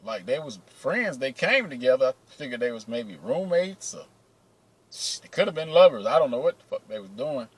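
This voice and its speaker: A man casually telling profane, animated stories about his days working security, acting out what people said. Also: mid-range voice, normal speed, breathy edge, low-quality recording. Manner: profane, animated, acts out quotes. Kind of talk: casual storytelling.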